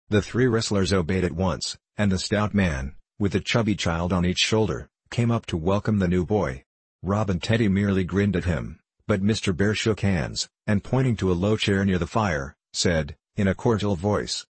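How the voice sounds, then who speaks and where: Brief: deep-voiced male narrator, husky, steady storybook reading. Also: normal speed, no room sound. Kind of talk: audiobook narration.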